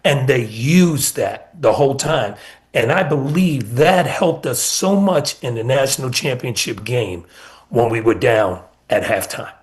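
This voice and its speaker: A man's voice: medium pitch, a little slow. A middle-aged man, a college basketball coach, telling stories as a guest in a casual radio interview and often repeating words.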